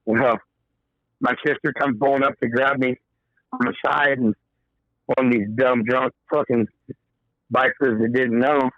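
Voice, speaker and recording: A man's voice: mid-range voice, steady tone, a little slow, pauses often, no room sound, highs cut off. A man, a podcast guest, telling a story in a casual, profane way and acting out the quoted dialogue. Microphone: podcast microphone.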